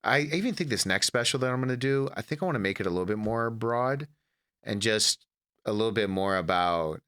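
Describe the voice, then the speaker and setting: A comedian from Detroit in a casual interview, telling animated family stories. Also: male voice, lowish voice, brisk, clean tone. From Detroit, USA. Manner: animated storyteller, acts out his mother's lines. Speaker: comedian guest.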